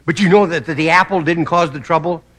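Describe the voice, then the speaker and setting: A man's voice: fairly high pitch, steady tone, fast talker. A man hosting a comedy show, delivering a rambling stand-up monologue and chuckling at his own jokes. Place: TV studio stage. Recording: 1960s TV broadcast with live studio audience laughter and noise.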